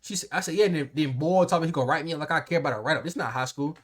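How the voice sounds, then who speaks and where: A young man casually telling a workplace story to camera, animated and slangy, acting out the people in it. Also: on the high side, rapid-fire, slightly rough. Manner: animated, slangy and profane, acts out quotes.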